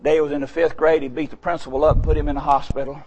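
A middle-aged male pastor, preaching a sermon in a shouting cadence that drops to quiet storytelling. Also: on the high side, little pitch movement, very fast, dull audio, slight background noise.

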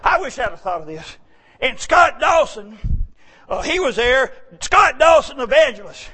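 A man's voice: extremely high pitch, sing-song, measured pace, husky. A male pastor, preaching a sermon in an emphatic, folksy way. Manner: emphatic, folksy, bursts into shouting.

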